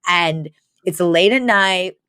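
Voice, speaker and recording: A young woman hosting a podcast, retelling a sitcom episode in a casual, animated way, full of "like". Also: lowish voice, takes it slowly, smooth, no room sound, clean studio sound. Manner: animated retelling, many "like" fillers. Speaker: podcast host.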